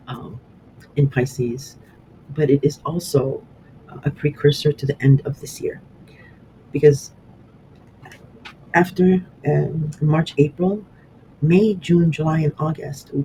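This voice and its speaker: A man giving a casual horoscope reading, rambling and halting with many fillers and restarts, and getting emotional as he talks. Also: a little high, mellow, a little hiss or hum, low-quality recording. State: emotional, voice catching. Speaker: astrology reader.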